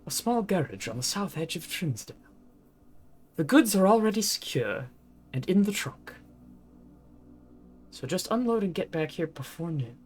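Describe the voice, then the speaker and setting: A man's voice: a little high, big pitch swings, normal speed, pauses often, husky, faint music behind, pitched above the performer's own voice. A man reading a note aloud in a put-on, old-fashioned posh British accent, playing a formal British man.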